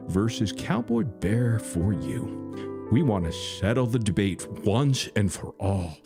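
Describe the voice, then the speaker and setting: Slow, gravelly man hosting a live stream. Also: deep voice. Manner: teasing, playful, sing-song crooning at a chatter. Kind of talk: casual live stream chat reading comments.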